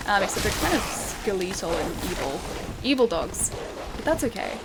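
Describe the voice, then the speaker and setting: A woman's voice: medium pitch, very animated, moderate pace, heavy background noise. Chatty Australian woman streaming a game. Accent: Australian city accent. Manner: chatty and giggly, reads chat aloud. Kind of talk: casual livestream commentary. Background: game music.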